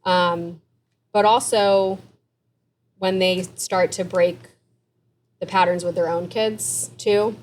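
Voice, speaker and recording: A woman's voice: on the low side, fairly even intonation. Earnest woman therapist as podcast guest. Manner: earnest, open, quick asides with light laughs. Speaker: therapist and author. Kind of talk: interview guest, candid conversational storytelling.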